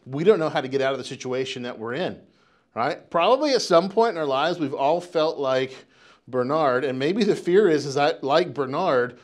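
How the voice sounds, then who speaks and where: A middle-aged American man delivers a sermon in a loose, chatty way, circling back on himself and checking in with "right?" as he goes. His voice sits somewhat high for a man. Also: lively intonation, moderate pace. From United States. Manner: conversational, rambling with many restarts and "right?" tags. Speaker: pastor.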